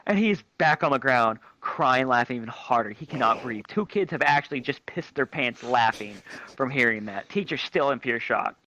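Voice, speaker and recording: A man telling a crude comic story in an animated, expressive way, through a headset mic. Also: mid-range voice, normal speed, no echo. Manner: crude, animated, shrieks quoted lines. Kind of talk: comic anecdote told to a crowd. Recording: dry, dull lo-fi mic.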